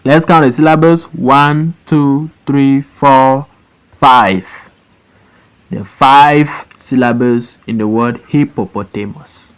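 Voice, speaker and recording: A man's voice: mid-range voice, steady tone, takes it slowly, clear, resonant tone, poor audio. A man teaching a phonics lesson, stretching words out syllable by syllable and repeating them for learners. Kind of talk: slow classroom phonics lesson. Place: voice-over for an online lesson.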